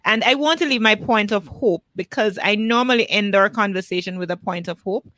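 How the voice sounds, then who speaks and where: A woman's voice: mid-range voice, brisk, fairly bright tone, no room sound. A woman with a Jamaican accent hosting a podcast, earnestly thanking her guest and addressing her community. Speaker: podcast host. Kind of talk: interview closing.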